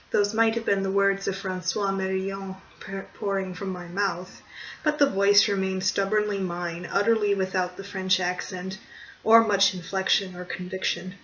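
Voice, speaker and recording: Measured storyteller on a dull distant mic. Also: mid-range voice, flat delivery, fairly bright tone. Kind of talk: scripted narration of a horror short story. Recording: dull distant recording, faint hiss.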